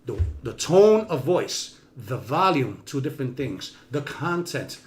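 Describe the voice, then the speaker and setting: A man hosting a live-streamed talk show, giving an animated motivational monologue that swings from loud emphatic bursts to low quiet asides. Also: takes it slowly.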